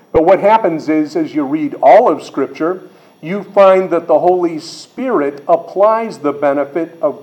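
A man's voice: fairly high pitch, darkish tone, low-quality recording. A middle-aged man preaching a sermon as pastor, explaining scripture verse by verse and acting out quoted voices.

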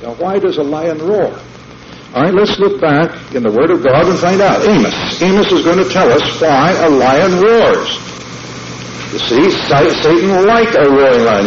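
A man's voice: medium pitch, a little hiss or hum. A man preaching a sermon in a folksy, emphatic way, often checking in with the congregation. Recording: dull lo-fi sermon tape in an echoey hall.

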